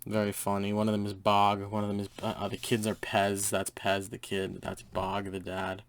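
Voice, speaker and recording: Young male comic reviewer, low and gravelly, loose rambling delivery full of fillers, enthusiastic. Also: completely flat delivery, moderate pace.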